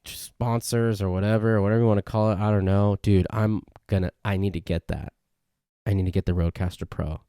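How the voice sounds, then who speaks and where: A man hosting a casual solo podcast, rambling through anecdotes and mimicking his friends in a higher voice. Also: mellow, clean tone, no room sound, clean studio sound. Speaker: podcast host.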